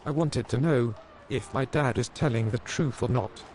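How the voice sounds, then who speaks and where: A man's voice: mid-range voice, moderate pace, darkish tone, slight background noise, pitched above the performer's own voice, lightly acted. A man voicing a seven-year-old boy with a raised, childlike, plaintive voice. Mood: tearful, pleading.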